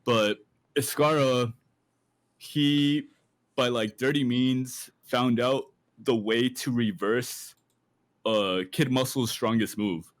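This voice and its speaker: A man's voice: mid-range voice, slow pace, dry recording. A man co-hosting a casual podcast, recapping an anime at length with many fillers and restarts. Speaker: podcast co-host.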